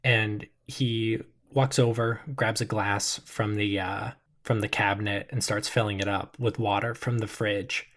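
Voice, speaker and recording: A man's voice: lowish voice, measured pace, few pauses. Man narrating as game master. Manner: relaxed, descriptive, frequent fillers.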